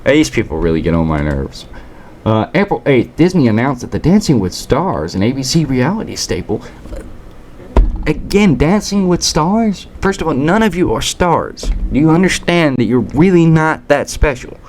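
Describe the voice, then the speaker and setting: A man's voice: a little high, very animated, normal speed, a little mellow, a little hiss or hum. A man from the United States hosting a political commentary rant, combative and sarcastic, now and then stumbling over words and restarting. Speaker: commentary channel host.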